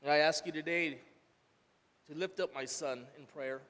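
A man, a father, giving an earnest sermon testimony, rising loud and falling soft. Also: a little high, steady tone, moderate pace, long reverb tail. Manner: earnest, swells loud then drops soft. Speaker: church speaker, father.

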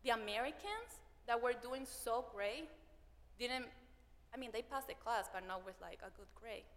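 Young Venezuelan woman, animated storyteller. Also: on the high side, moderate pace. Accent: Venezuelan Spanish. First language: Spanish. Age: young adult. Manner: animated, acts out what people said. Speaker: university student. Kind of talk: personal storytelling. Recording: long hall reverb.

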